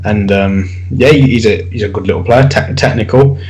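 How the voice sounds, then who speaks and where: Brief: male co-host, lowish voice, calm and agreeable in casual football talk. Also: normal speed, rough recording. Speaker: podcast co-host.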